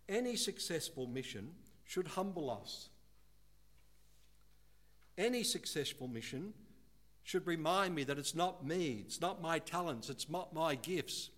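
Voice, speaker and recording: A male pastor delivers a sermon in a church, his voice sitting a little higher than most men's. He is earnest and steady, and he slows down on the words he wants to land. He brightens and becomes animated when he acts out what people say.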